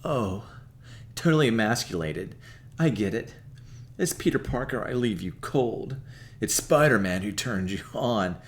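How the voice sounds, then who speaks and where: A man voicing a timid, lovesick young male superhero who talks in a high, meek, stammering voice, for a comic retelling of a comic book scene. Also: animated, unhurried. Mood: deflated.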